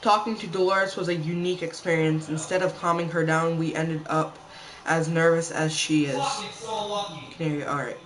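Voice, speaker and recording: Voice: mid-range voice, steady tone, moderate pace, a bit bright, slight background noise, poor audio. A gamer doing casual let's-play commentary, chatting to viewers and reading game text aloud. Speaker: gamer playing a survival game.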